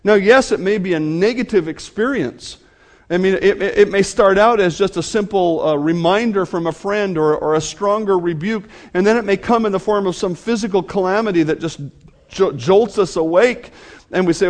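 A man's voice: sits high, moderate pace. A man preaching a sermon to his congregation, speaking earnestly and addressing them directly. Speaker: pastor.

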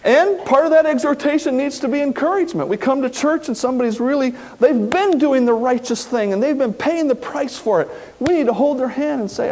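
A male pastor preaching a sermon in an animated way, acting out the quoted voices. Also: very high voice, a little fast, few pauses.

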